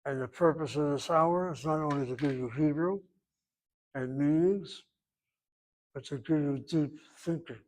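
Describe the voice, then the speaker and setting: Man, teacher, classroom lesson, slow and explanatory, repeats words, slightly high voice. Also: low-quality recording. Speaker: Hebrew teacher.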